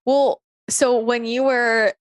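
A woman's voice: fairly high pitch, steady tone, takes it slowly, no room sound. A woman hosting a podcast, laughing often and asking curious questions. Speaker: podcast host. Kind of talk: casual podcast conversation.

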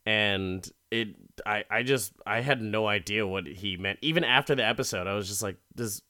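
A young man casually recapping a TV episode, rambling and profane, jumping into quick character impressions. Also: fairly low pitch, pushed and bright.

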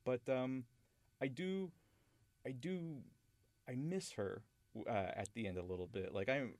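A man's voice: medium pitch, measured pace, darkish tone, no room sound. A man hosting a podcast, talking through a film he loves in a rambling, enthusiastic way with many restarts. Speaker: podcast host. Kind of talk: casual film discussion.

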